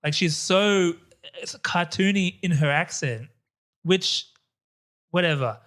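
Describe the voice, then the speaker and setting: A man guesting on a podcast, chatting casually about films in an animated, opinionated way and laughing often. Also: sits high, takes it slowly. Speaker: podcast guest, co-host of another podcast. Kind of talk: casual film chat.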